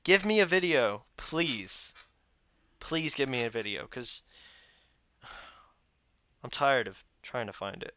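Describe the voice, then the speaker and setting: Young male vlogger, tired and venting, crisp bright tone, phone mic in a small room. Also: medium pitch, very animated, slow, long pauses. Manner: weary and grumbling, venting frustration. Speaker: reaction channel host. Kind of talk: casual vlog chat to camera. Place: indoor room, seated. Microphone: phone camera.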